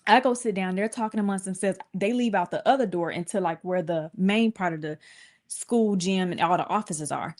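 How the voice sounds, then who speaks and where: A young woman vlogging a casual storytime, talking animatedly and jumping up in pitch when she acts out what people said. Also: a little fast. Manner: animated, acts out quotes with big pitch jumps.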